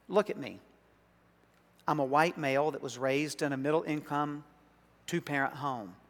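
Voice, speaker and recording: A man from South Arkansas with a Southern accent, preaching a sermon in a folksy, emphatic way that grows louder on key points. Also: a little high, big-room sound. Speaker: pastor. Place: church sanctuary.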